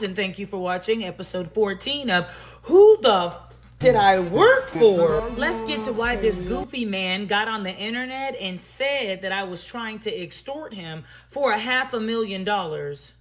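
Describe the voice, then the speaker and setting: A woman's voice: medium pitch, sing-song, unhurried. A woman vlogger telling a storytime monologue to her viewers, emphatic and sassy, with pointed asides.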